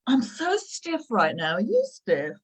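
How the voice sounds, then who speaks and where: A woman improvising an overeager, flirtatious admirer who speaks in a breathy, suggestive drawl over a video call. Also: on the high side, huge pitch swings, measured pace, full character voice. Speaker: improv performer. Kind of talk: improvised comedy scene.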